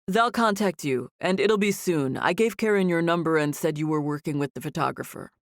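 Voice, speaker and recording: A woman narrator voices an eager, friendly young male star who rushes through his words. She keeps close to her own lowish voice, in a dry, close audiobook recording. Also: no room sound. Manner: quick, rushed talking.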